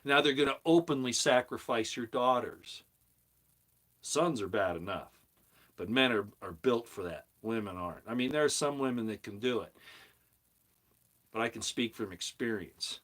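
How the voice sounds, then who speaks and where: A man's voice: medium pitch, moderate pace, fairly bright tone. Heated preachy man ranting. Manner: heated, preachy, emphatic repetition. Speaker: commentary channel host. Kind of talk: opinionated monologue.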